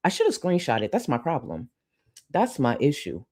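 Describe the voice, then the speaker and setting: Woman from Houston, livestream host, playful and slangy, fairly low voice, warm mellow tone. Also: huge pitch swings, moderate pace. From Houston, Texas, US. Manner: playful, chatty, laughing often, slangy. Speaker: live streamer. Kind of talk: casual livestream chat reading super chats.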